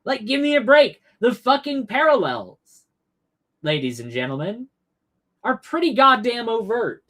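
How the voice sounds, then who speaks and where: A man's voice: very high voice, measured pace. Sarcastic, profane male livestream ranter. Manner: sarcastic, swearing, animated rants. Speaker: political livestream host. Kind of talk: profane political commentary.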